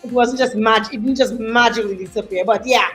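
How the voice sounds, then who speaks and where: A woman with a Dominican accent, in her thirties, hosting a live online show in an animated, chatty way and greeting viewers. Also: a little high, brisk, soft background music. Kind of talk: lively live-stream chat.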